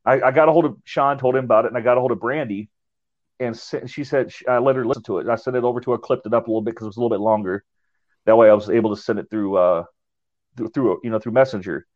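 A man of middle pitch tells a ghost-hunting story in a loose, rambling way. He often trips over his words and starts again. The audio sounds dull and lo-fi. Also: fairly even intonation, very fast, a little mellow. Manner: rambling, repeats and restarts words. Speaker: paranormal investigator. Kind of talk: casual storytelling.

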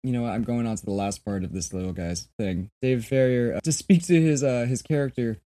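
A man with a dark, mellow voice co-hosts a casual podcast, reading out sources and breaking into laughter often. He talks in an animated, loose way and swears in passing. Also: medium pitch, brisk. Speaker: podcast co-host.

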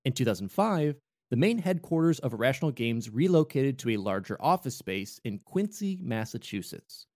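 A man's voice: mid-range voice, sing-song, moderate pace, few pauses, darkish tone. A man co-hosting a casual chat about game history, joking and playful. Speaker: podcast co-host.

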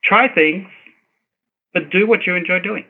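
A man's voice: high voice, measured pace, slightly rough. A man speaking in an encouraging, emphatic way about trying new things. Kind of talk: personal storytelling. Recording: tinny phone-like audio.

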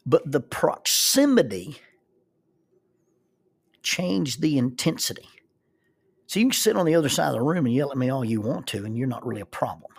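A man telling a personal story as a life lesson, animated and acting out the people in it. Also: medium pitch, moderate pace, gravelly, long pauses, slightly rough. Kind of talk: spoken storytelling.

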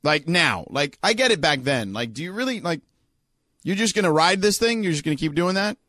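A man's voice: fairly high pitch, very animated, a little fast, sharp tone, no room sound, clean studio sound. A man co-hosting a casual chat show, talking loosely and rambling with lots of fillers. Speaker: co-host.

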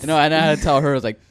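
A man's voice: on the high side, darkish tone. A man in his twenties co-hosting a podcast, telling stories in a laid-back way, chuckling and cursing freely. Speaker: podcast co-host. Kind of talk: casual chat.

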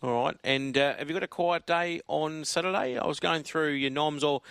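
Casual radio racing host. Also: male voice, a little high, moderate pace, vocal fry, a bit bright, smooth, no echo. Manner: casual, stumbles over names. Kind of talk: radio interview.

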